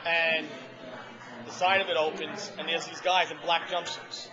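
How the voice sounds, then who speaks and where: A man casually telling a long personal story to a small group in a restaurant, animated and restarting often. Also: on the high side, measured pace, a crowd in the background. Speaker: former ambulance responder telling his story. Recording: dull lo-fi audio with loud music behind. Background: restaurant music.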